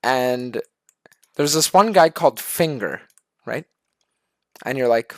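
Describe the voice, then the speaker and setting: A man's voice: mid-range voice, animated, slow, no room sound. A male streamer telling an absurd story in a casual, profane rant.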